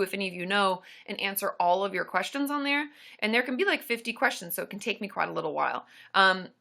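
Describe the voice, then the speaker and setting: Her voice is on the high side with a sharp tone. Hosting a relaxed live stream, she chats with viewers and reads their comments, rambling amiably with lots of fillers and side remarks.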